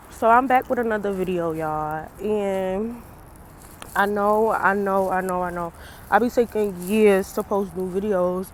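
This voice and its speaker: A young woman records a casual personal vlog outside in the cold, chatting loosely and laughing often despite eyes swollen from crying. Her mid-range voice moves at a measured pace, with a little hiss or hum in the audio.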